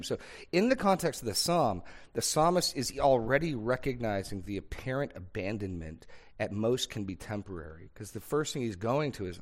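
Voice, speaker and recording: As pastor leading a Bible discussion, a man speaks earnestly in a fairly low voice with lively intonation and a moderate pace. Teaching unscripted, he thinks aloud with small restarts and builds his points through rhythmic repetition.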